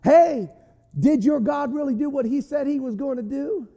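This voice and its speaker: A man's voice: very high-pitched, moderate pace, warm tone, big-room sound, voice pushed up. A man voicing a male devil who taunts and sneers at believers. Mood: taunting.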